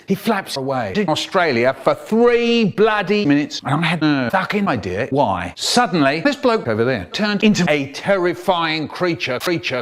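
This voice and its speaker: A man imitates an elderly poet spinning absurd childhood stories. The voice leaps high and low on a slightly raised pitch. He rambles from one nonsense anecdote to the next. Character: impression of an elderly male children's poet, storyteller. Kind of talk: parody storytelling.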